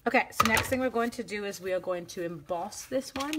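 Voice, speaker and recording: A woman's voice: medium pitch, fairly quick, background noise. A middle-aged woman demonstrating card making, chatting with viewers in a giddy, self-teasing way. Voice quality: sings little la-la runs between steps. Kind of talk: live crafting demo chat.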